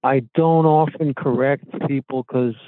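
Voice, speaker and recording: A man calling in as a guest, speaking haltingly with many restarts. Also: mid-range voice, fairly even intonation, no room sound. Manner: halting, full of restarts and fillers. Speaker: guest on the phone. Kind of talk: casual interview. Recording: tinny phone line.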